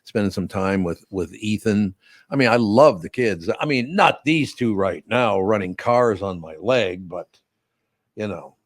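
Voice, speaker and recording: Chatty older man, low dry voice. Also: lively intonation, a little slow, no room sound. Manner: rambling, chatty, lots of fillers. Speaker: host, grandfather. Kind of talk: casual family chat.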